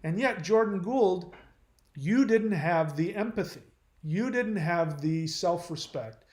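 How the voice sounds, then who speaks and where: A man's voice: sits high, animated, takes it slowly, a little mellow, echoey room. A man hosting his channel, reading viewer comments aloud and answering them in a blunt, lecturing way.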